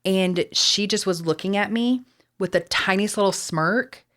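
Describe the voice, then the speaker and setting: A woman's voice: mid-range voice, measured pace, a bit bright. A woman from Texas with a Texan accent, talking casually as a podcast host, chatty and full of fillers with casual swearing. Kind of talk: casual chat.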